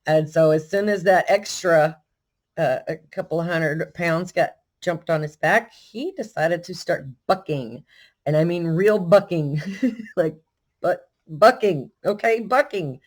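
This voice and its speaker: An older woman from Texas with a Texan accent, telling a story in a casual, animated, self-deprecating way. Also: low-pitched, a little slow. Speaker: vlogger.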